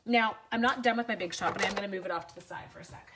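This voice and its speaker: A woman's voice: medium pitch, rapid-fire, background noise. A woman in her forties with the sniffles, chatting casually with viewers during a live crafting demo at home, self-deprecating and talkative. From Canada. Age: 40s. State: sniffly from sneezing. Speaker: crafting livestream host.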